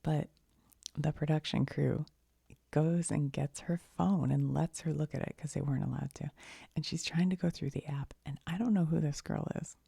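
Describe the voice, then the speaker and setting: A woman chatting in soft-spoken ASMR style, rambling and giggly as she drifts between quiet speech and whispers. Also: low-pitched, steady tone, moderate pace, gravelly, husky, dry recording, studio quality. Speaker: ASMR creator.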